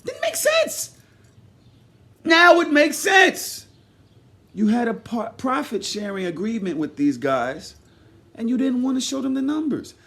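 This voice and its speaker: A high-pitched man rants through his commentary, hot and mocking, full of curses. He jumps from loud shouted bursts to low grumbling asides and back again. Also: very animated, a little slow. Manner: heated, mocking and profane. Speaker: commentary vlogger. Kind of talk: ranting commentary.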